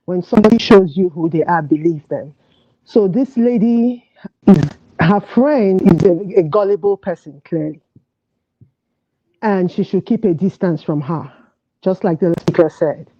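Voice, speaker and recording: A woman calling in to a talk show, earnestly giving advice with pauses and restarts. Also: fairly low pitch, warm tone, no echo. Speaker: caller. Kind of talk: call-in advice chat. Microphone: phone call. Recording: dull, lo-fi call audio, dry.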